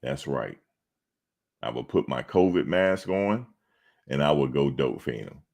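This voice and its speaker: A man with an exceptionally deep voice hosts a sports talk show. He banters loosely with viewers in the chat, mocking them and repeating lines for laughs. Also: animated, unhurried, creaky, darkish tone. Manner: trash-talking, mocking, repeats himself for laughs. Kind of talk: casual chat responding to live chat.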